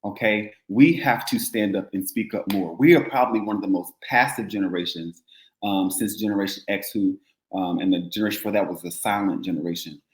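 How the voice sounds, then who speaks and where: A man's voice: on the low side, brisk, reverberant, slight background noise, rough recording. A man co-hosting a casual news commentary show, talking in an impassioned, preachy way and repeating phrases for emphasis. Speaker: co-host.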